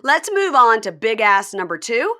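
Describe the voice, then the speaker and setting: Lively gossipy woman host recapping a tv show, bright voice, bouncy pitch. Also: normal speed. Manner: gossipy, animated, swears. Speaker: podcast host. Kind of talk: casual chat recapping TV.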